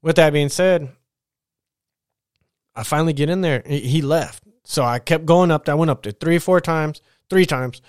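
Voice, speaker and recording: A man's voice: on the high side, moderate pace, dry recording, studio quality. A man hosting his podcast at home, telling a work story in a casual, rambling and profane way. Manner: rambling, profane, animated retelling. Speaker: podcast host. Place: at home getting ready for bed.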